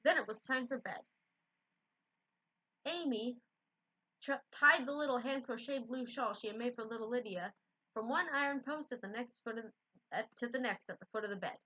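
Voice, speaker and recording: A woman reading a children's book aloud in a gentle, unpolished way, correcting her own slips. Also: on the high side, moderate pace, pauses often. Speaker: storybook reader. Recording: dull lo-fi recording.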